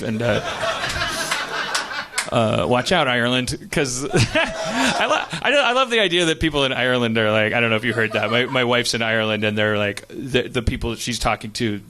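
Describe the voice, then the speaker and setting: A man's voice: mid-range voice, bright, forceful tone, a little hiss or hum. A middle-aged man hosting a live comedy podcast, rambling in casual chat with many stammered restarts and chuckling asides. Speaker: podcast host. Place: live stage show.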